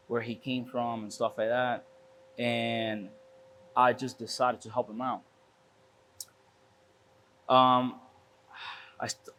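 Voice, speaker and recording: A man's voice: medium pitch, a bit bright. Interview guest, man, casual storyteller, repeats himself, faint background hiss. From Miami. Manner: repeats words, restarts often, says "bro". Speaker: podcast guest, shop owner.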